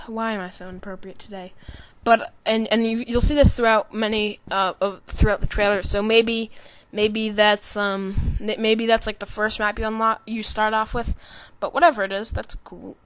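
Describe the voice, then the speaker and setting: A person giving casual, rambling commentary over a game trailer, joking and swearing, with constant fillers and restarts. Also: female voice, mid-range voice, level tone, normal speed, clear, resonant tone. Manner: rambling and jokey, with frequent swearing; self-interrupting, with many fillers and restarts.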